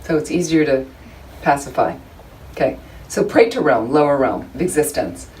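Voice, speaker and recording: Speaking at a normal pace, a woman with a rumbling low, slightly mellow voice and lively intonation gives an informal dharma talk to a small Buddhist study group in a room. She is chatty and humorous, with many asides to her listeners, and the recording is distant with faint background noise.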